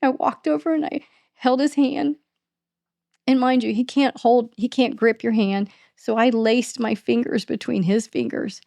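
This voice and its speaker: A middle-aged woman, a podcast host being interviewed, recounting a painful family loss in a halting, emotional way. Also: a little high, fairly even intonation, gravelly, dark tone. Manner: halting, restarts and voice breaking with emotion. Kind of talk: emotional personal storytelling in an interview.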